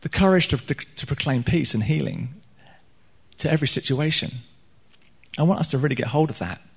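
A man's voice: on the high side, brisk, vocal fry, breathy edge. A man, a church pastor, preaching a sermon in a church hall with earnest, emphatic delivery and frequent restarts. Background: soft guitar playing.

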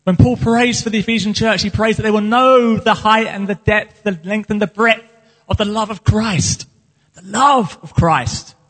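A man's voice: high-pitched, flat delivery, moderate pace, fairly bright tone. A man preaching as the pastor of his church, speaking earnestly and with passion about his calling. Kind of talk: sermon. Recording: long hall reverb.

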